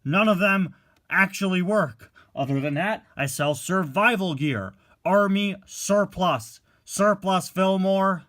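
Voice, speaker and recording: A man voicing a gruff, loud male army jeep in a toy-car play story, barking his lines sternly. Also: high voice, takes it slowly, voice pushed up. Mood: angry. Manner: shouting, stern, drill-sergeant bark.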